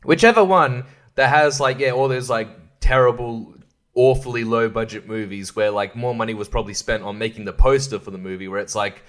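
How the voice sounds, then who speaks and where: A man's voice: medium pitch, a little fast, a bit bright. A man hosting a podcast, reviewing a film in a sarcastic, rambling way, with lots of swearing and laughter at his own jokes. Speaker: podcast host.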